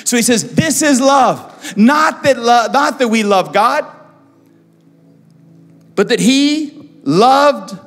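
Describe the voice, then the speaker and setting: A male pastor preaching a sermon with passion, repeating phrases, swinging from hushed tones to loud. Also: extremely high pitch, animated, slow pace, pauses often. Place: church hall. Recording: church hall with long reverb, soft music.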